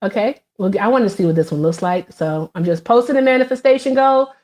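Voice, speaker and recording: A woman's voice: mid-range voice, lively intonation, fast, a little mellow. A woman in her thirties chatting casually on a live stream, reading and answering viewer comments, with many fillers.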